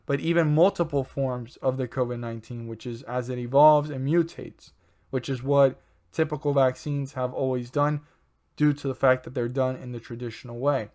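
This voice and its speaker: A man talks through a stock in a loose, unscripted way. He rambles, corrects himself and fills pauses with "um" and "right?". His voice sits at an ordinary middle pitch. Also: fairly even intonation, darkish tone. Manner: rambling, self-correcting, filler-heavy. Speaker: stock market channel host. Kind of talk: casual rambling commentary.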